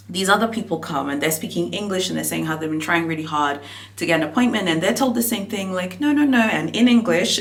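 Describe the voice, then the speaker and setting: A young woman vlogger telling a shopping story in a chatty, animated way, with lots of fillers. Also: fairly low pitch. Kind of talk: casual storytelling vlog.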